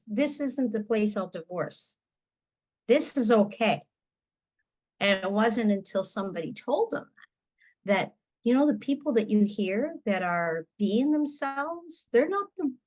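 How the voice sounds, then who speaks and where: A middle-aged woman sharing personal struggles in a group talk, earnest and halting, swearing bluntly. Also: a little high, low-quality recording. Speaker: guest participant.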